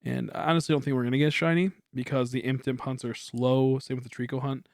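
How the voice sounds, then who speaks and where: A young man chatting casually on a game stream, quiet and rambling, humming between thoughts. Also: medium pitch, level tone, quick pace, no room sound, clean studio sound. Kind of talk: casual livestream chat while gaming.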